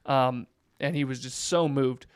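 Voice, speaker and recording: A man in his thirties, a pastor, telling a story in a relaxed chat with plenty of fillers. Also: medium pitch, a little slow, smooth, no room sound, clean studio sound. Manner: animated storyteller, many fillers. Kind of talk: casual podcast storytelling.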